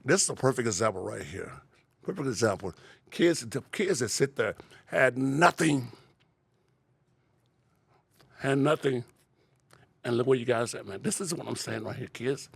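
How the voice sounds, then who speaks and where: A man's voice: medium pitch, expressive, moderate pace, creaky, pauses often, slightly rough, no echo. A man in his sixties chatting as a podcast guest in a laid-back, rambling way, laughing often and peppering his talk with "man". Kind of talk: casual interview chat.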